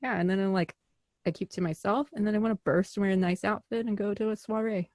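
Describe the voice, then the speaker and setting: A woman's voice: mid-range voice, fast talker, darkish tone, no room sound, clean studio sound. A woman actor and filmmaker, a guest in a casual interview, talking in a chatty, self-deprecating way full of fillers.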